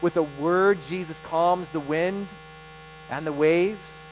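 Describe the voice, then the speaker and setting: A man delivering a sermon in a fairly high voice, animated and emphatic. He leans into dramatic pauses as he preaches, and a faint mains hum runs under the recording. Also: poor audio. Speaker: pastor.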